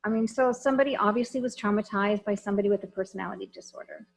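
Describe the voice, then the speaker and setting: A woman's voice: mid-range voice, racing, gravelly, rough recording. A woman trainer giving a conversational lecture, frank and emphatic, often putting questions to her listeners. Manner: lively, talks straight to the audience with questions.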